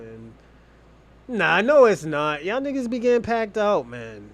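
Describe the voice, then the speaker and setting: A man's voice: high-pitched, sing-song, measured pace. A young man from the Boston area chatting casually on a livestream, rambling and profane, laughing often. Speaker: streamer host.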